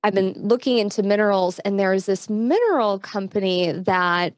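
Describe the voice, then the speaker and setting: A woman interviewing a guest on her podcast, her voice sitting at an ordinary middle pitch. She keeps her tone eager and affirming as she reflects back what she hears. The recording is close and dry, with no room sound. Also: lively intonation, normal speed, dry recording. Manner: affirming, enthusiastic responses. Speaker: podcast host. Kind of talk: conversational interview.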